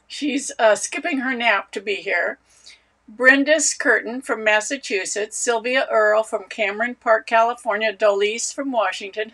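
A woman's voice: fairly high pitch, normal speed. A woman hosting a knitting live stream, chatting casually and greeting viewers by name. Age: older. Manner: warm, chatty, reads out viewer names.

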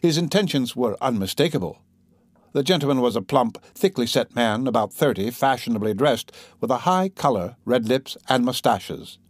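A man narrating a classic novel in a steady, measured way, his voice sitting at an ordinary middle pitch. The recording is close and very dry, with no room sound. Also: no echo. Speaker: audiobook narrator.

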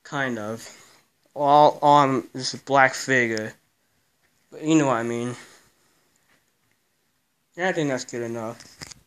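A young man vlogging while he tidies a messy bedroom, grumbling and cursing as he goes. His voice is smooth and clear, sitting at a middle pitch for a man. He is recorded on camera in the room. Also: takes it slowly, long pauses, a bit bright. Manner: grumbling, swears a lot. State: out of breath. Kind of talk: casual vlog while cleaning. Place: cluttered bedroom, indoors.

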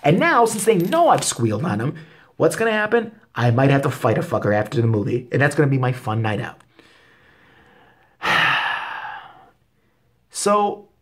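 A man with a husky, middle-pitched voice rants straight to his viewers, swearing all the way through. He tells his complaints as a heated story and keeps building up steam as he goes. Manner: angry, expletive-heavy storytelling. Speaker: vlogger. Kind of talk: profane comedic rant.

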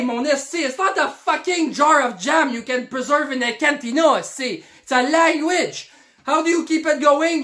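A man's voice: very high-pitched, fairly bright tone. A man playing a cocky, crude Montreal guy who rants in broken English with a Quebec French accent. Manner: profane, blunt, broken English. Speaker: comedy character. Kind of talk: comic rant to camera.

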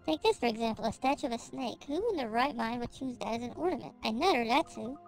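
A cocky young thief from a fantasy game talks back in snappy, defensive lines , as a woman reads him in a high voice. Soft game music plays in the background. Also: animated, fast, gravelly, poor audio.

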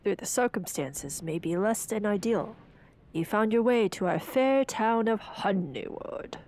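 A woman's voice: mid-range voice, expressive, measured pace, a little mellow, slight background noise, lightly acted. A woman voicing a pompous middle-aged male town mayor who speaks in a formal, old-fashioned way.

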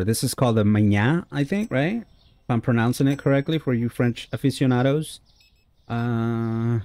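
A man's voice: medium pitch, a little mellow, dry recording. A man giving friendly, casual let's-play commentary on a simulation game, chatting with his viewers and dropping many "uh" fillers. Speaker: gaming YouTuber.

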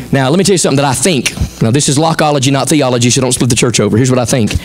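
Preaching with a medium-pitched voice, this middle-aged Southern American pastor is folksy and animated. He jumps between quick voices to play the figures in his story.

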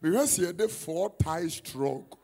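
A man with a Ghanaian accent preaching a conference sermon, mixing Twi and English and bursting into shouts. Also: on the high side, slow pace, vocal fry. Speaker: prophet. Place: conference hall.

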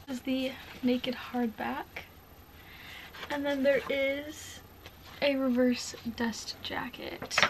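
A young woman chatting casually in a reading vlog, gushing and excitable, with lots of "like" in her talk. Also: on the high side, a little hiss or hum. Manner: gushing, excitable, says "like" a lot. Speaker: book vlogger.

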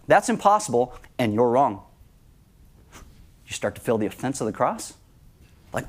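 A man's voice: mid-range voice, sing-song, moderate pace, long pauses. A man preaching a sermon as pastor, emphatic, and he acts out the voices of people he quotes. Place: church.

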